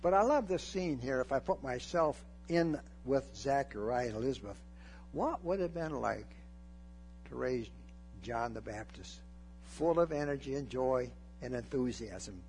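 An older man preaching a folksy, animated sermon, joking and acting out Bible scenes. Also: mid-range voice, measured pace, faint music behind.

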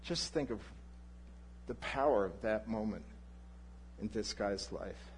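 A male pastor preaching a sermon, telling a personal story in an animated way and acting out the people in it. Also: lowish voice, slow, slight background noise. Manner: animated anecdote, voices the people in his story.

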